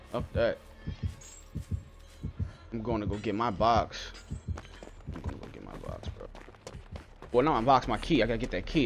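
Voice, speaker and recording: A young man giving live, excitable commentary on his own gameplay, swearing often and calling everyone bro. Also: lowish voice, a little hiss or hum. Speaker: gameplay streamer.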